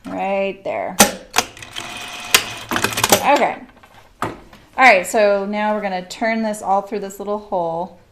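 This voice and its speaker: A woman's voice: medium pitch, expressive, slow, long pauses, very noisy. A middle-aged woman hosting a live sewing stream, chatting casually and laughing often as she works. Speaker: sewing livestream host.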